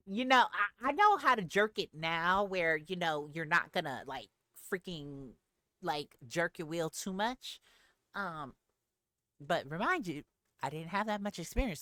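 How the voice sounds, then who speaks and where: A woman streamer telling a story to her live chat in a casual, animated way, laughing often. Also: fairly low pitch, no echo, clean studio sound.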